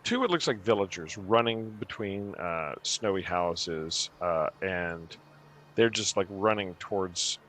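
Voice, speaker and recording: A man's voice: deep voice, lively intonation, measured pace, a bit bright. A young man narrating a tabletop game as game master, rambling with many fillers.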